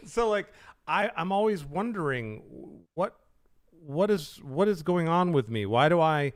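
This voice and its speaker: A man hosting a podcast, telling stories in an animated, self-mocking way. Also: a little high, measured pace. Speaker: podcast host. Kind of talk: casual conversational chat.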